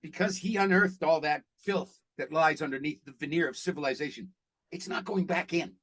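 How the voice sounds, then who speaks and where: Male actor guest, a lively and blunt storyteller with a slightly high voice. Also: normal speed, breathy edge. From Canada. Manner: animated storyteller, blunt and profane. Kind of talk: casual interview chat.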